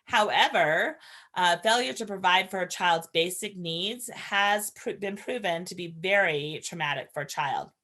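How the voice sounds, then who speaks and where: With a lowish, bright, somewhat pushed voice at a measured pace, a woman delivers an earnest, conversational training lecture. She's a foster parent trainer who explains concepts and shares stories from her own home.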